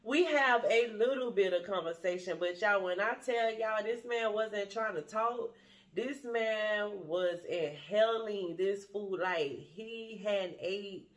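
A woman's voice: mid-range voice, takes it slowly. A woman vlogger telling a dating story to her viewers in a blunt, profane, laughing way.

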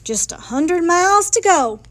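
A woman's voice: sing-song, moderate pace. A woman voicing a frantic pioneer father who howls about his fruit trees in a storybook reading. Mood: cheerful. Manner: howling, high and loud.

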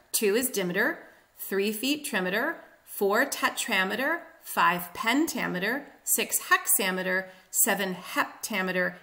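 A woman teaching literature in a clear, steady lesson, tapping out stresses with spoken beats. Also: medium pitch. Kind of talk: explanatory lesson.

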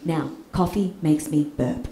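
A young Australian woman telling a comic story on stage, animated and swearing, often asking the crowd "right?". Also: low-pitched, unhurried. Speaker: stand-up comedian. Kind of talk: live stand-up storytelling. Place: live comedy stage with audience. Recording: echoey live room with noise.

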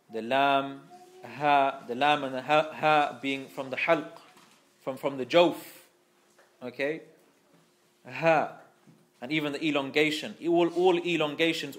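A man teaching a scripture class, explaining patiently, repeating key phrases, and carefully pronouncing Arabic terms. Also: medium pitch. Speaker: Islamic teacher.

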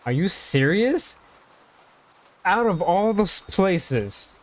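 A man's voice: high voice, big pitch swings, extremely slow. Jumpy male gamer talking through play. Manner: jumpy, talks himself through tasks; reads customer dialogue aloud. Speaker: gaming channel host. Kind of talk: let's play commentary.

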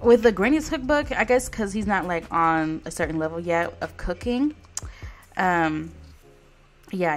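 Sassy, swearing woman commentating a game. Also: fairly low pitch. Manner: sassy, profane, chatty, talks to viewers. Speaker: gameplay commentator. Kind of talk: casual let's play commentary.

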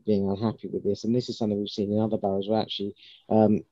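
Low, mellow man, candid council answers, dry muffled video-call sound. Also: little pitch movement, racing, no echo. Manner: candid, explanatory, repeats and corrects himself. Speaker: council member answering a scrutiny committee. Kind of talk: formal committee answers over video call. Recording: dull lo-fi video call audio.

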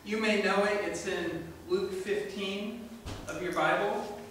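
Pastor guy preaching, high bright voice, lots of echo, sounds far from the mic. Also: slow pace, a little hiss or hum. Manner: animated storytelling, asks the congregation questions. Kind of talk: sermon. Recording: echoey room from far off.

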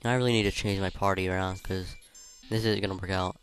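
A man playing a video game and chatting about it in casual commentary, swearing freely and reacting loudly. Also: low voice, steady tone, quick pace, faint music behind. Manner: reads game dialogue aloud in between remarks. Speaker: let's player.

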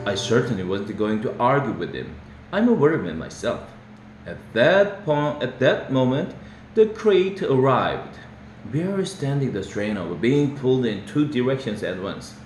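A man's voice: medium pitch, very animated, normal speed, a little mellow, a little hiss or hum. A man with a Korean accent, an English learner reading a novel aloud expressively, now and then correcting himself. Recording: roomy echo, faint background.

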